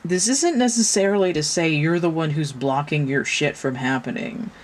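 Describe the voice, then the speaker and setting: A woman's voice: low voice, normal speed. Frank, casual woman tarot reader. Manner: frank and swearing, full of rhetorical questions.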